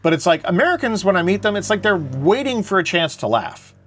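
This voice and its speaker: Animated man, lively pitch. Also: fairly quick, a little hiss or hum. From Canada. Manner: animated, blunt, rambling. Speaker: show host. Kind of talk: casual opinionated monologue.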